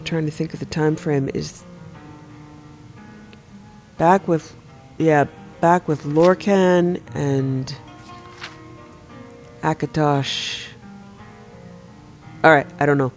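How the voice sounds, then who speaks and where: A game streamer casually chatting over gameplay and reading in-game books aloud, relaxed and self-correcting. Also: medium pitch, drawn-out words, pauses often, faint music behind.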